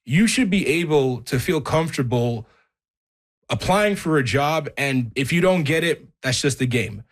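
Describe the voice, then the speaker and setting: A man's voice: a little high, lively intonation, unhurried. A man talks through hiring problems on a radio panel. He is loose and filler-heavy, then turns to insistent, repeated demands. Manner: heated, many fillers, rising to emphatic. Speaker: jobs and recruiting guest.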